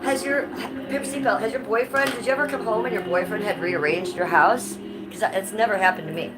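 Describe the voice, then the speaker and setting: A woman's voice: mid-range voice, brisk, heavy background noise. Chatty, blunt woman livestreaming at home. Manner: chatty and blunt, swears casually. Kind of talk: casual livestream chat. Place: living room at home. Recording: music playing clearly behind.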